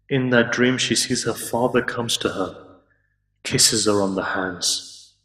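A man preaching an emotional sermon, slowing and dropping almost to a hush at the sad moments. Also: on the low side. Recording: roomy hall with long reverb, from far off.

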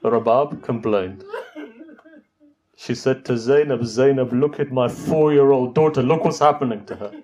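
Delivering an emotional majlis sermon at a moderate pace, a middle-aged preacher speaks in a dark, mid-range voice. He tells a sorrowful story with rising intensity, pleading with the audience.

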